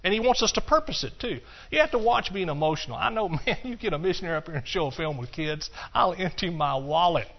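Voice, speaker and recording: A male pastor delivering a sermon in church with a folksy, animated delivery that jumps from loud exclamations to quiet, hushed asides. His voice sits a bit high for a man. The recording is dull and lo-fi. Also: fast talker, creaky, few pauses.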